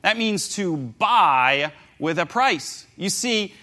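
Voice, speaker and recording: A man preaching a casual sermon, retelling a story in an animated, jokey way and briefly acting out the people in it. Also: high-pitched, slow.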